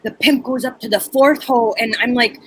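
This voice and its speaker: A woman comedian and teacher telling a story on a video call, animated and laughing, acting out voices. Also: fairly high pitch, moderate pace, husky, low-quality recording. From Minneapolis area.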